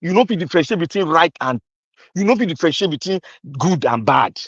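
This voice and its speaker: A man's voice: fairly high pitch, expressive, fast talker, fairly bright tone, dry recording, highs cut off. A Nigerian man delivering an impassioned, accusatory political rant, repeating his points with heat. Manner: fiery, accusatory, repetitive. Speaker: commentator.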